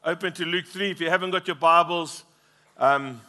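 A man's voice: a little high, normal speed, bright, forceful tone. A middle-aged man preaching a passionate sermon as pastor, prompting the congregation to repeat lines.

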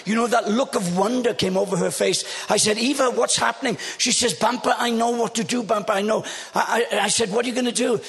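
A man in his seventies preaching a humorous, animated storytelling sermon on stage. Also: high voice, brisk, gravelly, hardly any pauses, big-room sound, faint music behind. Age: 70s.

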